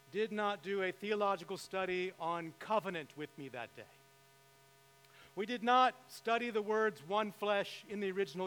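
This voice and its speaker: High bright-voiced pastor preaching. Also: male voice. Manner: storytelling with emphatic rises. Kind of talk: sermon. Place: church sanctuary. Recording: reverberant hall with faint mains hum.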